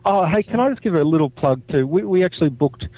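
A man's voice: a little high, lively intonation, fast, mellow, no room sound. A man calling in to a show, friendly, often repeating words as he talks. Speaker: caller. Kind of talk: phone call-in chat. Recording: dull call line.

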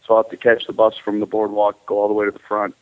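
A man's voice: on the low side, monotone, fast talker, no echo. A man calling into a live show, hesitant and polite as he asks about his trip. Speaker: caller. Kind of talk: phone call into a show. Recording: tinny phone line.

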